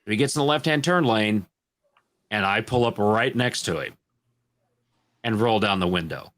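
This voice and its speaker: A man from Illinois, a podcast guest telling crude, animated stories in a casual panel chat. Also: on the low side, normal speed.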